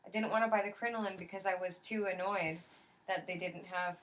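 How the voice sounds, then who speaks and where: An adult daughter with a lowish voice interviews her mother in a casual family chat, speaking a little fast. She tells stories animatedly, acting out quoted voices with many restarts, on a low-quality recording with some hiss or hum.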